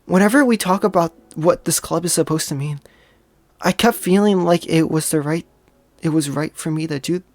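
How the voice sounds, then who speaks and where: Brief: a soft-spoken, hesitant teenage girl, read aloud by a gamer from a visual novel, confiding something painful. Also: mid-range voice, normal speed, no room sound, natural voice. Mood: sad.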